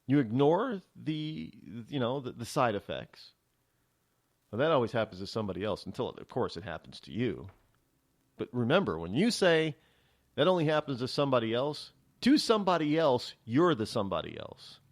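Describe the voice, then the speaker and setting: A man's voice: mid-range voice, very animated, moderate pace. A man hosting a talk show, delivering a rambling, sarcastic opinion monologue with many restarts. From New England.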